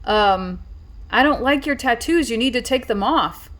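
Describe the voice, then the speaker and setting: A woman's voice: fairly high pitch, expressive, measured pace, a bit bright. A woman voicing an earnest, caring little boy spirit who speaks in an urgent, pleading way. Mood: gentle.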